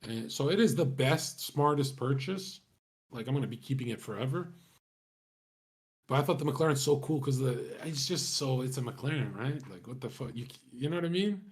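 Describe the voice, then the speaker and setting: A man's voice: medium pitch, animated, moderate pace, slightly rough. A man talking casually to his stream chat, rambling and swearing, with many restarts.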